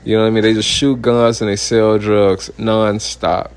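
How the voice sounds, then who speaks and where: A man's voice: lowish voice, little pitch movement, moderate pace, clean tone. A man, a minister giving a heated, blunt personal testimony full of profanity and repeated "you know what I mean".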